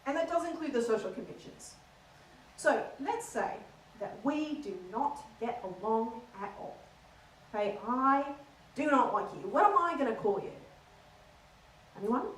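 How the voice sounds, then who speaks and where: High-voiced woman doing a comedy set. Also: lively intonation, measured pace, pauses often, echoey room, recorded from a distance, slight background noise, poor audio. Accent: Australian. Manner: playful, teasing the audience, slipping into accents. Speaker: stand-up comedian. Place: comedy theater stage.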